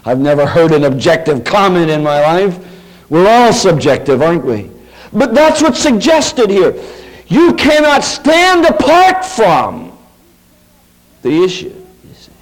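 A man preaching an expository sermon, slowing down to stress quoted scripture. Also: fairly high pitch, sing-song, low-quality recording. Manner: emphatic, slows down on quoted scripture.

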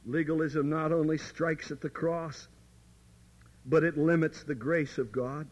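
A man's voice: a little high, a little slow, low-quality recording. Man preaching with dramatic emphasis. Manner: emphatic, dramatic, drops to near whispers; addresses listeners directly and personally. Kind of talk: sermon.

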